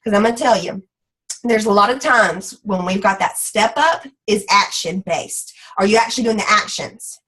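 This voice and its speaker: A woman leading a motivational team call, energetic and folksy, slipping into playful voices for quotes. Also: mid-range voice, moderate pace, husky, rough recording. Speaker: team leader.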